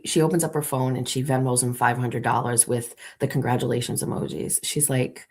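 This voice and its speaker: A woman's voice: extremely low pitch, moderate pace, hardly any pauses, a little mellow. A woman hosting a morning show, playfully walking her audience through an imagined scene in a theatrical storytelling manner. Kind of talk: comic storytelling to a live audience.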